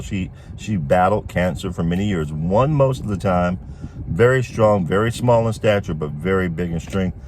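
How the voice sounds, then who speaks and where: Opinionated man with a low voice. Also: a little mellow, a little hiss or hum. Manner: opinionated, chuckles often. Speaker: political commentator. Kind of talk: casual political commentary.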